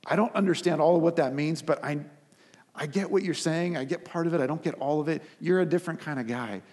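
A man preaching a sermon as pastor, earnest, stacking repeated phrases for emphasis and dropping soft for quoted words. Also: on the high side, quick pace, breathy edge. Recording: long reverb of a hall.

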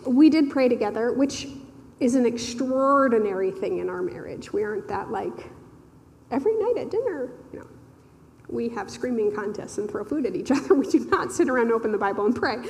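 A woman tells a heartfelt personal story, animated and quick to laugh. Her voice sits high and climbs higher when emotion catches it. The sound rings with the long reverb of a large hall. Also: slight background noise. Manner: animated, laughing often, voice rising and cracking with emotion. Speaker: speaker sharing a personal testimony. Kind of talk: storytelling testimony.

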